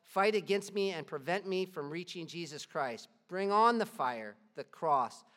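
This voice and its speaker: A man's voice: high-pitched, expressive, measured pace. A man reading as a fervent doomed pastor. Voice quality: loud and impassioned. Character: ardent early church pastor facing death, fervent.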